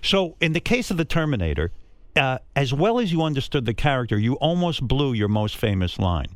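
A male interviewer asks leading questions and keeps affirming his guest. His pitch moves around a lot, and the recording is dry and close. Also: big pitch swings, a little fast, no echo. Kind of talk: sit-down interview.

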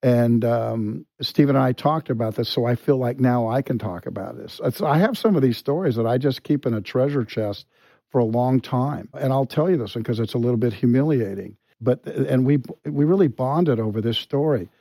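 A man speaking as an actor guest in an interview, frank and unpolished, swearing freely and restarting his sentences. His voice is warm and mellow, and the recording is dry with no room sound. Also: medium pitch, normal speed, vocal fry, dry recording, rough recording. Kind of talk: candid interview storytelling.

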